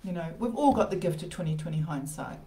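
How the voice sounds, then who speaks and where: Speaking fast with a lowish, warm, expressive voice, a woman leads a live self-help talk at home in her conservatory. Her motivational chat is informal and rambling, full of asides and restarts, all carried on the conservatory's roomy echo.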